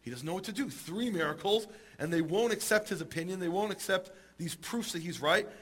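A man telling a Talmud story in a lively, humorous way and acting out the characters. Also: high voice, fairly quick, slightly rough. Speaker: teacher retelling a Talmud story. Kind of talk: animated storytelling talk.

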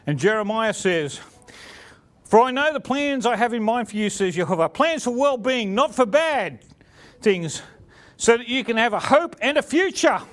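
A man reading scripture aloud at a church service in a solemn, deliberate manner. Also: extremely high pitch, very animated, fairly bright tone.

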